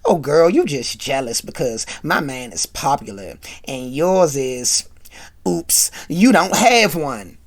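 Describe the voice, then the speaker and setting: Woman reading a sassy college girl, low and lively. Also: takes it slowly, heavily acted. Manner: sassy, teasing. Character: sassy young college woman proud of her boyfriend.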